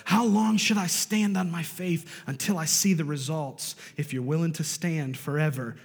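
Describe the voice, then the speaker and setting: A male pastor preaching a storytelling sermon, swinging from loud bursts to hushed, low lines. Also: fairly even intonation, moderate pace, gravelly, slightly rough, big-room sound.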